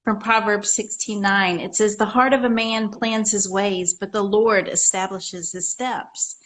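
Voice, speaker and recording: A woman guest speaks over a video call at a mid-range pitch, in the manner of casual conversation. She sounds earnest and affirming as she lays out her points one by one. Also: fairly even intonation, measured pace, fairly bright tone, low-quality recording. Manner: earnest and affirming, listing goals and quoting scripture.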